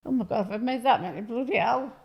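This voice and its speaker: A woman's voice: on the high side, fast talker, vocal fry, breathy edge, dull audio. A woman, telling blunt, sweary stories as a podcast guest in a studio. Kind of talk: casual chat.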